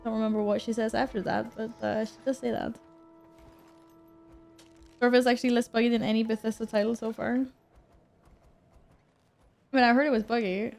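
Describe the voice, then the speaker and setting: A chatty woman streaming a game, who chats casually with her viewers, answers their messages and laughs often. Her voice sits a bit high, and faint game music plays behind her. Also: vocal fry, a little mellow. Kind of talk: casual gaming stream chat.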